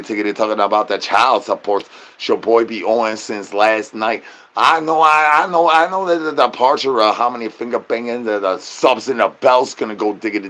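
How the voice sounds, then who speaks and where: A man doing an absurd comic rant, rambling nonsense and doubling words in a sing-song way, with catchphrases he drags out into a slow chant. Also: fairly low pitch, a bit bright.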